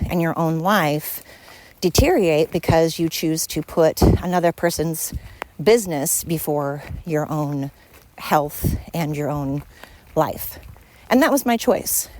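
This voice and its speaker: A woman's voice: low voice, darkish tone. A woman hosting a podcast, talking at home in a frank, rambling monologue as she vents. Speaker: podcast host. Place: at home with her dog.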